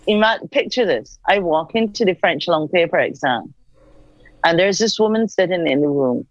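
Woman telling stories in an interview, lively, acts out the voices, dull dry recording. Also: lowish voice, moderate pace, dry recording. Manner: animated storyteller, acts out quoted dialogue. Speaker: interview guest, senator. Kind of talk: casual storytelling interview.

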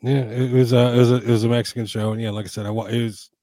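A man's voice: mid-range voice, little pitch movement, very fast, warm tone, dry recording. A man from Panama co-hosting a podcast in casual chat, rambling, restarting his sentences and swearing casually. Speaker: podcast co-host.

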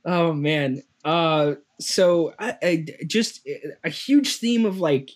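Male podcast co-host, slightly high voice, rambling and easygoing, laughs a lot. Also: expressive, takes it slowly. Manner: rambling, laughs often, many fillers. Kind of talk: casual movie-review chat.

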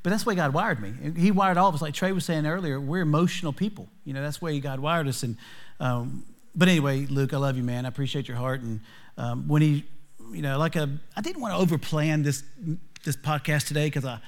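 A man's voice: fairly high pitch, fairly quick. A man hosting a church podcast as a youth pastor, openly emotional and rambling, with frequent restarts. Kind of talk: casual podcast talk with scripture reading.

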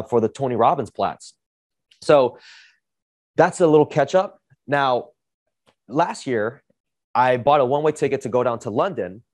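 A man hosting a podcast, telling a story in a casual, energetic way, swearing often and saying "like" a lot. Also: medium pitch, dry recording, studio quality. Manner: energetic, profane, heavy use of "like". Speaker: podcast host.

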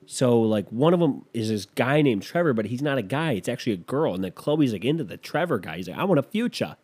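A man's voice: mid-range voice, lively intonation, quick pace, darkish tone, slightly rough. A man telling a rambling, self-deprecating story in casual chat, losing his thread and picking it back up.

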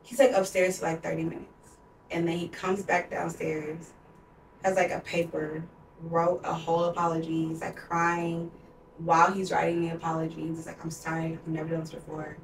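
Low-voiced young woman, roomy distant mic. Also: level tone, normal speed, gravelly, a little hiss or hum. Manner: candid and emotional, heavy use of "like". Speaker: podcast co-host. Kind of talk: personal storytelling on a podcast.

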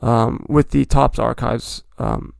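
A man's voice: mid-range voice, fairly even intonation, slow, creaky, no echo, clean studio sound. A man hosting a podcast, talking in a rambling, chatty way and correcting himself as he goes. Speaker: podcast host. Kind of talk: casual hobby talk.

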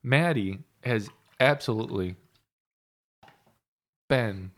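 A man's voice: fairly low pitch, slow pace, a bit bright. A man co-hosting a casual podcast from a home loft, telling rambling stories with plenty of swearing. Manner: profane, rambling storytelling. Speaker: podcast co-host. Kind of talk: casual chat.

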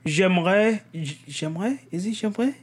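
A young man hosting a casual solo podcast, animated and self-mocking, laughing often as he stumbles through broken French phrases. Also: high voice, a little fast, breathy edge. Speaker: podcast host.

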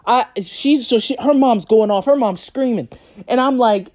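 Animated young man telling a story. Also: very high-pitched, normal speed. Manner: animated, profane, laughs while telling. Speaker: vlogger. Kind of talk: casual storytime.

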